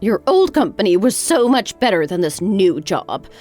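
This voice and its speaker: A woman's voice: mid-range voice, sing-song, moderate pace, a little mellow, soft background music. A woman voicing a harsh, sarcastic older mother-in-law in a dramatized story. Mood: scornful. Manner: cutting, sarcastic.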